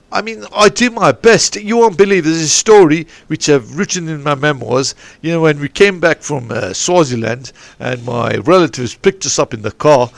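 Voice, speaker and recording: A football and rugby coach who runs a sports academy tells a long, meandering story on a podcast, full of restarts and digressions. His voice is on the high side with vocal fry, recorded dry through a podcast microphone.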